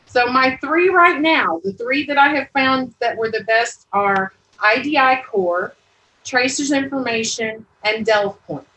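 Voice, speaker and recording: A woman's voice: a little high, measured pace, pushed and bright. A woman from Texas, guest on a podcast interview, talking in a plain, matter-of-fact way. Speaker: guest, process server. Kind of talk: casual interview chat. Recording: roomy echo.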